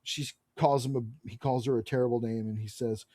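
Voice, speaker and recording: Guy on a comics podcast, mid voice, dry mic, animated recap, acts out the lines. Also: medium pitch, brisk, no room sound. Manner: animated, reads out character lines, swears casually. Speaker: podcast co-host. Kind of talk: casual comic book recap.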